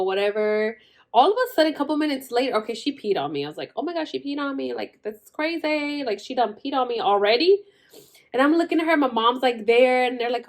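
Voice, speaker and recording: A young woman vlogger telling her birth story in a chatty way, full of "like" and "girl", acting out the other people's lines. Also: on the high side. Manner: chatty, says "like" and "girl" constantly, acts out quoted voices. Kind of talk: casual storytelling.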